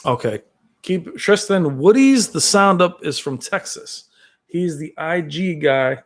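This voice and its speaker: A man on a home live stream, reading viewer comments and riffing on them in a loose, rambling way. His voice sits a little high for a man and swings widely in pitch as he gets excited. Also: slow pace. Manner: rambling, excitable, with frequent fillers.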